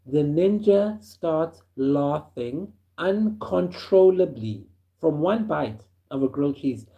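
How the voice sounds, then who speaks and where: A man from Africa, telling a first-person story in an animated way and chuckling as he goes. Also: on the high side, takes it slowly. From South Africa.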